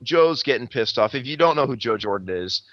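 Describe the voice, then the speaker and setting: A man's voice: mid-range voice, animated, a little fast, no room sound, muffled recording. A man telling a rambling, profane fight story in casual podcast chat, acting out the quotes. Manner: rambling, heavy swearing, acts out quotes.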